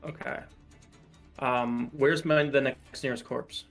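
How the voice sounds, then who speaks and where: A man playing a tabletop game, stammering and halting as he describes his turn. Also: mid-range voice, steady tone, vocal fry, a bit bright, soft background music. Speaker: player.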